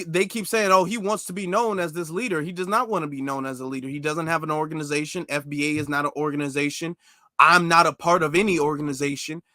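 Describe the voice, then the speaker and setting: A man's voice: on the high side, sharp tone, no echo, studio quality. A man hosting a commentary show, reacting casually and emphatically, repeating his points. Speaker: commentary channel host.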